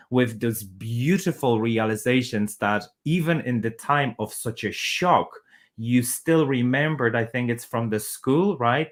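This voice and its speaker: A man's voice: medium pitch, fairly bright tone. A man hosting an interview, asking long searching questions with restarts and empathy. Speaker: podcast host.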